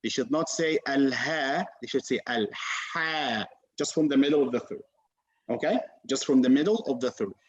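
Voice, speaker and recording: A man's voice: medium pitch, fast, darkish tone. A man teaching a class on a video call, patient and encouraging, repeating and modeling sounds for his students. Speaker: Quran recitation teacher. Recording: muffled video call audio.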